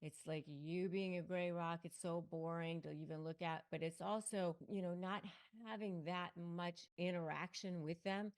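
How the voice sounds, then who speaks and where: A woman's voice: on the low side, steady tone, normal speed, few pauses, smooth. A middle-aged woman, a lawyer and coach, giving motivational advice straight to camera with emphatic, punchy repeated phrases.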